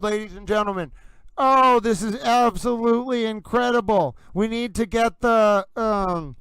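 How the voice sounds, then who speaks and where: Excitable high-voiced male livestream host. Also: unhurried, smooth, dry recording, poor audio. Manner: excited, addresses "ladies and gentlemen" constantly. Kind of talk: live commentary stream.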